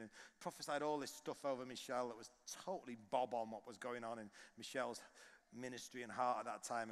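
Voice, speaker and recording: A man preaching a passionate sermon that rises to loud exhortation at a conference. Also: medium pitch. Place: large conference hall. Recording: long hall reverb.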